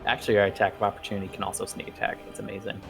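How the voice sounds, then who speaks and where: Gravelly, low-voiced male player. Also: level tone, racing, music in the background.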